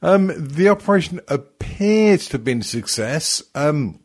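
A man's voice: fairly high pitch, big pitch swings, unhurried, darkish tone. A man hosting a podcast, joking and swearing, tired, with lots of ums. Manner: swearing, joking, rambling with many fillers. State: tired and yawning. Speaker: podcast host. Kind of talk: crude casual podcast chat.

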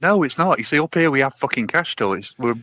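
A man's voice: mid-range voice, animated, fast, bright, forceful tone, no echo, lo-fi sound. A man with a Manchester accent, a bus-driving guest, ranting in a profane, exaggerated comic way. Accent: Mancunian. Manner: heated, profane, exaggerated complaining. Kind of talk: sweary comic rant.

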